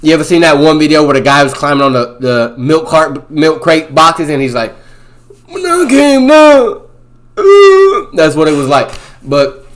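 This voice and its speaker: A young man casually recapping a movie plot in a rambling, slangy way, peppering it with "boom" and "bro". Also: fairly even intonation, a little fast, fairly bright tone. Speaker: movie reviewer.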